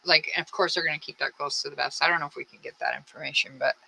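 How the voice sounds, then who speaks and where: A woman's voice: deep voice, fairly even intonation, quick pace, gravelly, bright, forceful tone, a little hiss or hum, rough recording. A woman hosting a casual true-crime commentary, rambling with blunt, frustrated asides. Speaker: true crime channel host.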